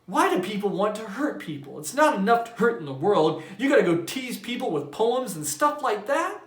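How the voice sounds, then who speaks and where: A man's voice: high-pitched, very animated, normal speed, fairly bright tone, pitched above the performer's own voice. A man voicing a prim, self-righteous woman who scolds in a raised voice. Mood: indignant. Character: shrill indignant middle-aged woman, prim. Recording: roomy echo.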